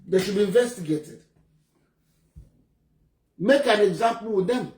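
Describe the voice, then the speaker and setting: A Nigerian political commentator from Enugu State, speaking Nigerian English, delivers heated commentary in an indignant, emphatic, blunt manner. His high, slightly mellow voice keeps a measured pace, with a roomy echo.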